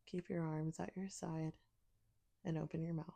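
A woman's voice: deep voice, flat delivery, moderate pace, vocal fry, warm tone. A woman speaking in an intimate audio role-play, teasing and commanding, sometimes dropping to a whisper.

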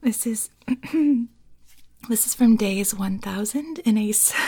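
Woman host, casual chat, self-deprecating, husky, gravelly, half-whispered, dry sound. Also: mid-range voice, takes it slowly, warm tone. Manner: chatty, self-deprecating, laughing, nervous; often whispering. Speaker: host reading listener scripts.

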